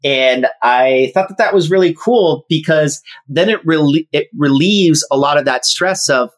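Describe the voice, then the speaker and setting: A man who is an entrepreneur and podcast guest, explaining his views in a measured way. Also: fairly high pitch. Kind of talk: casual interview chat.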